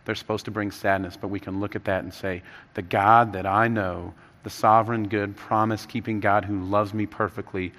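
A man in his thirties preaching a sermon, telling stories with animated rises and dropping soft and low for earnest points. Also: moderate pace, in a large hall. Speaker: pastor.

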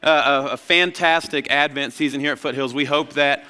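Young male pastor, sermon, bright clear voice, lively storyteller, long hall reverb. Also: a little high, moderate pace. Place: large church hall.

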